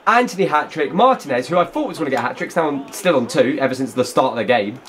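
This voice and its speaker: Excitable young man, lively pitch. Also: fast. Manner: excitable, chatty, bursts into shouts. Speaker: gaming YouTuber. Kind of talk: excited live gameplay commentary.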